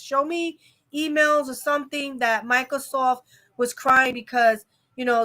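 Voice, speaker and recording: A woman's voice: on the high side, bright, forceful tone. A young adult woman hosting a casual live-stream chat, giving an opinionated, rambling rant full of fillers. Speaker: vlog host.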